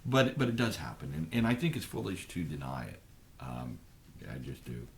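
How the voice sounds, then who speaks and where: A middle-aged man, a pastor, talking on a live ministry program in a thoughtful, halting way with many restarts. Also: rumbling low, very animated, gravelly. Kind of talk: live radio ministry talk.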